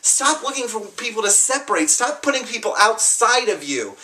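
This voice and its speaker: In a sing-song way and at a moderate pace, a young adult vlogger tells a personal story with a bright, forceful tone. It's an unscripted, impassioned testimony, sometimes profane, moving between hushed, low moments and angry outbursts.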